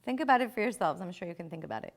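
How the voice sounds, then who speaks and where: A woman's voice: on the low side, expressive, racing, vocal fry. A woman lecturing a live class, stressing points by repeating them and asking rhetorical questions. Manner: emphatic, repeats key phrases, asks rhetorical questions. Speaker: teacher.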